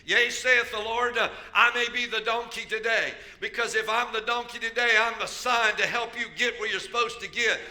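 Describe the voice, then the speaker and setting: A man pastor preaching a sermon, storytelling with jokes and sudden loud bursts. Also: extremely high pitch, steady tone, a little fast, few pauses. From United States.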